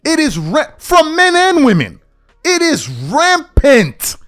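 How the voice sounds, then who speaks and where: A man hosting a podcast, delivering an opinion rant and mocking others in high, whiny put-on voices. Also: huge pitch swings, slow, fairly bright tone, faint music behind. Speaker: podcast host.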